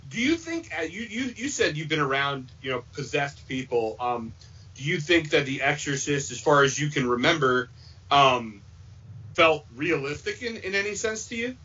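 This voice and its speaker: A man's voice: on the high side, sing-song, moderate pace, bright, forceful tone, husky. A man hosting a podcast, asking loose questions with many fillers and laughs. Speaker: podcast host. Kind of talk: casual podcast interview. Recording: distant lo-fi mic.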